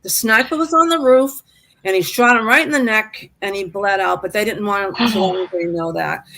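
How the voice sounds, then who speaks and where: A woman's voice: mid-range voice, brisk, sharp tone, a little hiss or hum. An older woman calling in to a live stream, upset and rambling, with stammering restarts. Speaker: guest caller. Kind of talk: emotional live-stream chat.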